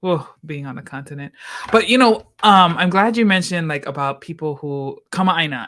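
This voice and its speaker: Host, mid-pitched, casual moderator, filler-heavy questions. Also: moderate pace, fairly bright tone. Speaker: podcast host. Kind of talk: panel moderation.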